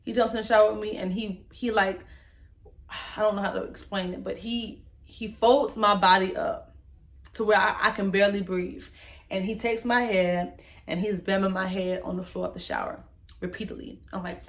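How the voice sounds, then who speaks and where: A young woman, emotionally recounting a personal story to the camera in a candid, halting way and speaking straight to her viewers. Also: medium pitch, steady tone, fairly bright tone. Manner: candid, halting, speaks to viewers as "y'all", voice rises when reliving moments. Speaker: vlogger telling her story.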